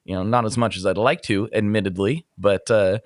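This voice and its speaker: A man's voice: lowish voice, fairly even intonation, fairly quick, no room sound, clean studio sound. A man hosting a casual podcast conversation, rambling and self-deprecating, laughing often. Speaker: podcast host.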